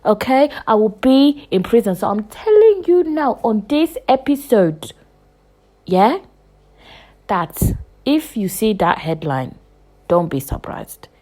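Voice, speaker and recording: A woman in her twenties hosting a podcast, delivering a heated, profane rant full of repetition, with loud bursts and hushed asides. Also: a little high, big pitch swings, slow. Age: 20s. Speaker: podcast host. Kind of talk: casual podcast monologue.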